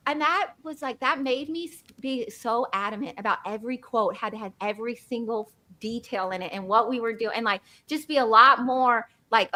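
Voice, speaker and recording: A woman's voice: on the high side, fairly quick, few pauses. A woman telling a business story in casual chat, giggly and acting out what people said. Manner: animated storytelling, giggly, acts out quotes. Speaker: business owner guest.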